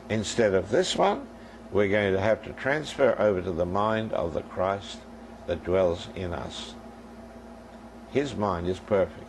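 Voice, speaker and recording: A man's voice: lowish voice, vocal fry, a little hiss or hum, low-quality recording. An older man preaching a sermon as a minister, telling stories and acting out their dialogue for his congregation.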